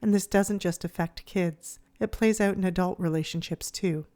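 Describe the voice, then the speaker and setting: A woman hosting her podcast, narrating in a calm, gentle, measured way. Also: medium pitch. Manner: gentle, soothing, measured delivery. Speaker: podcast host.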